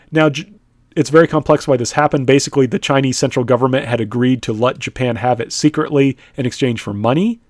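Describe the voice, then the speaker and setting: A man gives a recorded history lecture in an easy, conversational way, often pausing to check with "right?" and filling gaps with "uh." His voice sits in a middle pitch. The recording is dry and close, with no room echo. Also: darkish tone. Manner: conversational, frequent "right?" and "uh" fillers. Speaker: history teacher.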